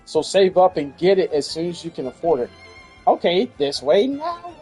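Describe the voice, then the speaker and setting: A man with a Southern US accent voicing a calm young female dojo master, reading her game lines aloud. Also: on the low side, moderate pace, husky, faint music behind, exaggerated voice. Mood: steady. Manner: reads game dialogue aloud in a slightly raised voice.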